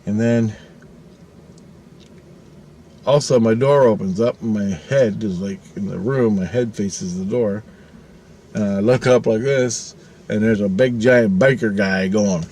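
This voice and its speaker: A middle-aged man, mid-range in pitch and moderate in pace, shares a story from his own life in a relaxed way. He swears frequently, stays animated, and slips into the voices of the people in his tale.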